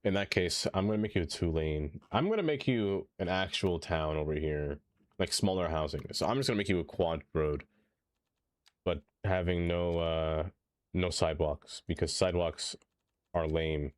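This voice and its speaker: A man's voice: sits low, moderate pace, dry recording. A man live-streaming a city-building game, chatting casually and reading chat aloud, ranting animatedly and laughing often.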